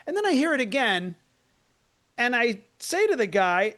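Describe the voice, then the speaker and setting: A man co-hosting a comedy podcast, telling a story in an animated way and laughing through it. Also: high voice, normal speed. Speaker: podcast co-host.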